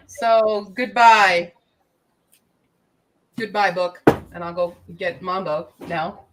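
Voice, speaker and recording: A woman's voice: medium pitch, steady tone, takes it slowly, pauses often, heavy background noise. A woman chatting casually about her reading, playful and talkative. Her voice sits in a middle range. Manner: chatty, playful, baby talk to her pet bird. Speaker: book vlogger. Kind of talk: casual chat.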